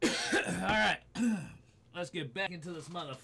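A man's voice: high voice, animated, normal speed, vocal fry, background noise. A man streaming a horror game live, swearing freely, startling easily and talking back to his chat. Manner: profane, jumpy, talks back to chat. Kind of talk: live gaming stream commentary. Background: game music.

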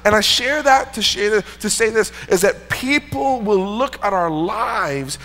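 This pastor's voice is high-pitched, bright and forceful, expressive yet measured in pace, with hardly any pauses. Preaching in a church sanctuary, he tells a personal story in an earnest, conversational way, and the hall's long reverb fills the recording.

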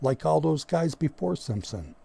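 A cocky, taunting soldier, voiced by a male audiobook narrator teases with a slangy drawl. His tone is dark and mellow but lifts a little higher when he jeers. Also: big pitch swings, moderate pace, creaky, breathy edge, exaggerated voice. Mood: mocking. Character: mocking wisecracking male soldier. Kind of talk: audiobook character voice.

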